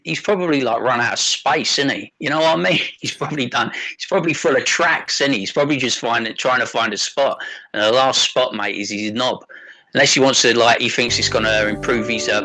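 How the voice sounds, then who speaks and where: Bright-voiced English man, chatty and crude. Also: mid-range voice, brisk, faint music behind, poor audio. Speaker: co-host. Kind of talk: casual livestream chat.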